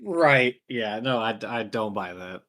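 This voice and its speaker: A man's voice: on the low side, lively intonation, a little slow, fairly bright tone. A man with a Southern US accent, joking wryly as a guest on a casual stream. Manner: wry, joking banter. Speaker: guest co-host. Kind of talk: casual live-stream chat.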